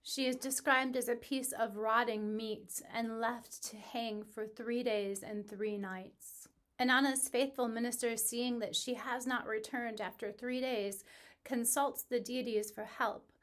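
A spiritual teacher, a woman, tells a myth in a calm, measured storytelling voice that sits on the high side. On solemn phrases she slows down and grows softer.

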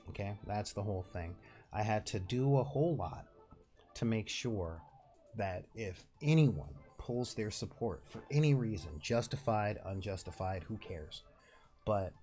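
Casting: nasal, lower-voiced man, rambling casual host, faint music behind. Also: darkish tone. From Southern California. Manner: rambling, frequent laughs and restarts. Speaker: channel host. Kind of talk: casual direct-to-camera talk.

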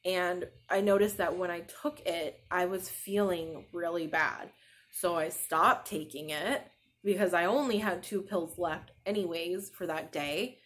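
Speaking a little slowly in a fairly low voice, this thirty-something podcast host chats casually. She's a sleep-deprived new mother who wanders off on tangents and leans heavily on "like."

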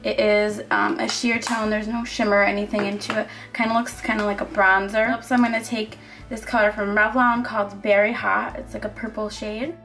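Upbeat young woman over soft music. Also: mid-range voice, little pitch movement, fairly quick. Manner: chatty, upbeat, fillers. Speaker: makeup tutorial narrator. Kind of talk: voice-over tutorial narration.

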